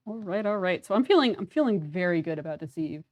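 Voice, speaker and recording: Young woman rambling through a let's play, bit low-pitched, lots of ums. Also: lively intonation, quick pace, darkish tone, highs cut off. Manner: chatty, self-deprecating, lots of fillers. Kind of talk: casual gameplay commentary.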